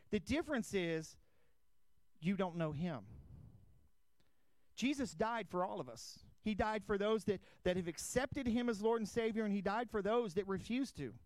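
A man's voice: sits high, darkish tone, clear, resonant tone, no echo. A man preaching as pastor, reading scripture aloud and asking his listeners direct questions. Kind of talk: sermon.

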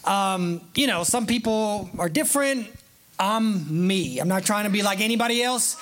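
A man with a high voice preaching in church as pastor. He talks with eager excitement, chatty and quick to joke with his congregation. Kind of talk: sermon. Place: church sanctuary.

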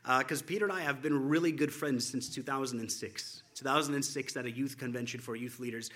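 A man's voice: medium pitch, steady tone, fairly quick, a bit bright. A man giving an informal tribute to friends while showing a photo slideshow, telling loose stories and chuckling often.

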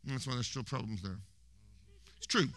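A man preaching a sermon in a church, telling history as an animated, humorous story and mimicking voices. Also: mid-range voice, a little fast, vocal fry, no echo.

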